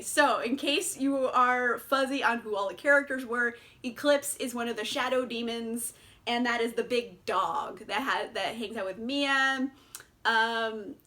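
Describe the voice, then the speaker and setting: A young woman talks through a book tag in a loose, chatty vlog. Her voice sits high and sounds bright. She swears freely and breaks into laughter often. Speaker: booktuber.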